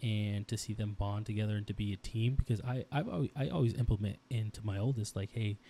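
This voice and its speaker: Against slight background noise, a man with a low, mellow voice speaks fast. He co-hosts a casual podcast in his thirties, rambling intensely about his daughters and often restarting his sentences.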